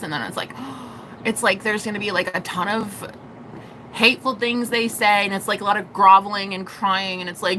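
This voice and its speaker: Young woman, tarot streamer; bright, forceful delivery, profane and theatrical, slight background noise. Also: medium pitch, normal speed. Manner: animated, profane, acts out quoted voices. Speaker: tarot reader. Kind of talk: live-stream tarot reading.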